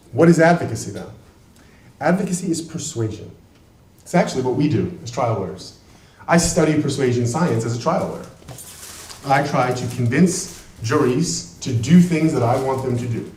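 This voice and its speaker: A man who is a trial lawyer, giving an emphatic talk to an audience in a large room, heard from a distant mic. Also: medium pitch. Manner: emphatic and animated, with quick bursts. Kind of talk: presentation to an audience. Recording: echoey room, voice from far off.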